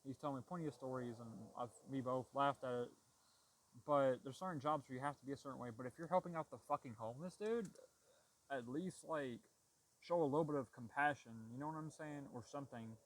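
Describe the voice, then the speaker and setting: Young male vlogger, profane venting monologue, loose rambling delivery, mid pitch. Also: brisk, rough recording. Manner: heavy swearing, frustrated, rambling with restarts. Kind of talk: casual storytelling rant.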